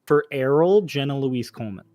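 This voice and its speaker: A man's voice: mid-range voice, lively intonation, a little fast, a little mellow, no echo. A man chatting playfully with castmates on a livestream, laughing often. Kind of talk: casual group chat on a livestream.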